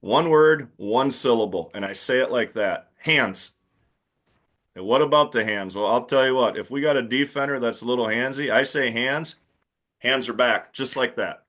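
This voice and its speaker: A man's voice: medium pitch, fairly quick, few pauses, fairly bright tone. Man coaching new referees, emphatic. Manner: emphatic, plain-spoken, demonstrates calls aloud. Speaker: basketball officiating instructor. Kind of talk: instructional talk to new officials.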